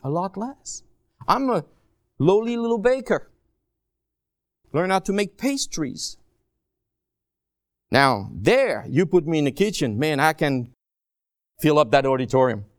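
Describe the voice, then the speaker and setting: A man preaching a sermon as a guest speaker, animated and joking, swinging between quiet low asides and raised emphatic cries. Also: unhurried, long pauses, no room sound, clean studio sound. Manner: joking, self-deprecating asides.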